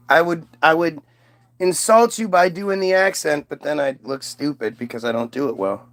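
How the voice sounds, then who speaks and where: Gravelly, rambling American man livestreaming. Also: a little high, moderate pace, fairly bright tone. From United States. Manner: rambling, profane, self-mocking, reads comments aloud. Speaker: livestream host reading chat. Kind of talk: casual livestream chat.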